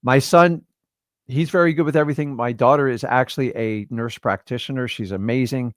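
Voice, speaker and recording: Speaking briskly in a mid-range voice, a fifty-something man runs a livestream full of casual, preachy motivational talk aimed straight at his listeners. The sound is dry and studio quality.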